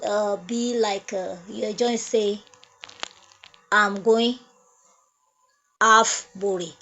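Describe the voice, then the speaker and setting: A woman teaching French grammar at a whiteboard, repeating each phrase slowly and explaining step by step. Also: medium pitch, sharp tone. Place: classroom at a whiteboard. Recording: dull lo-fi sound.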